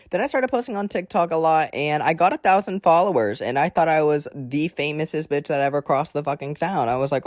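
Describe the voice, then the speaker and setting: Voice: medium pitch, a little fast. A teenager from Alabama doing a draw-my-life storytime, chatty and rambling, swearing often and distracted while drawing. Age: teens. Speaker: creator.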